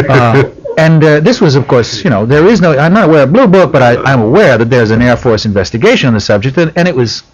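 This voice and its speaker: A man with a husky voice tells a story on a radio talk show, and his pitch swings widely as he leans into each point. He is an animated studio guest. The lo-fi broadcast sound dulls the top end. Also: a little fast. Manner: animated storyteller, lively emphasis. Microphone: studio microphone.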